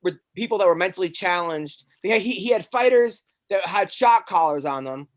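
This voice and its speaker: In a laid-back podcast chat, this male comedian-host spins a meandering tale full of profanity and energy. His voice is high-pitched at a normal speed, and he frequently stumbles and restarts mid-sentence.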